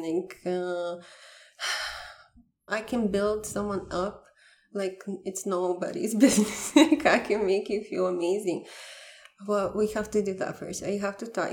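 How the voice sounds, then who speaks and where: A young woman guest in a casual interview, speaking heartfelt and personal with many "like" fillers. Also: medium pitch. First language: Bulgarian. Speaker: podcast guest.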